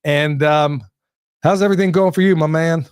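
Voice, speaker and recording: Laid-back male podcast host, slightly high voice, jokey, dry mic. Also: fairly even intonation, moderate pace, clean tone, no echo. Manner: joking, laughs often, addresses folks. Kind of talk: casual podcast chat.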